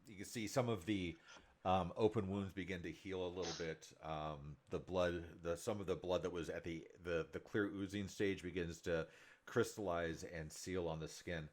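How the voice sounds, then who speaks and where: Deep-voiced male game master, narrates scenes in detail with lots of ums, low and steady. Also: normal speed. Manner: descriptive, filler-heavy.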